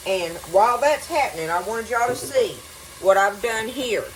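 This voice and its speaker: A woman's voice: fairly high pitch, lively intonation, normal speed, slight background noise. A woman with a Southern US accent hosting a home cooking demonstration, chatty and folksy, talking to viewers as y'all. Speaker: cooking show host. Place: home kitchen with food sizzling.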